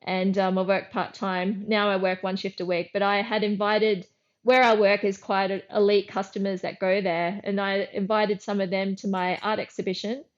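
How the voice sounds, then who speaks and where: This mid-range voice belongs to a middle-aged Australian guest artist chatting in a relaxed interview. She speaks at a moderate pace, spinning lively stories, performing her own lines and often starting sentences over. The recording's highs are cut off.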